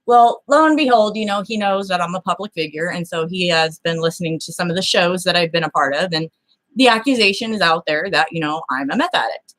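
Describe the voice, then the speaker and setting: A woman's voice: on the low side, fast. A woman telling a personal story in casual chat, blunt and freely profane, acting out the people she quotes. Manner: animated, acts out the people in her story.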